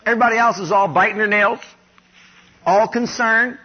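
A man from Ohio preaches a sermon in a high voice, leading the congregation in call-and-response declarations. He grows louder and higher as he repeats them. The recording sounds dull and lo-fi. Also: normal speed, breathy edge. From Ohio, USA. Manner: has the congregation repeat declarations after him.

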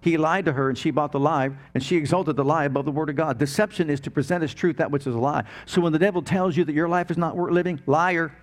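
Pastor, male, middle-aged, slightly higher voice; emphatic sermon delivery, questioning the congregation. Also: quick pace, hardly any pauses. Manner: emphatic preaching with rhetorical questions.

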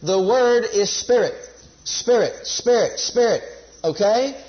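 High-voiced emphatic male preacher. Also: animated, slow. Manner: emphatic, repeats key phrases, leads congregation call-and-response. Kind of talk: sermon. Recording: dull lo-fi sermon recording.

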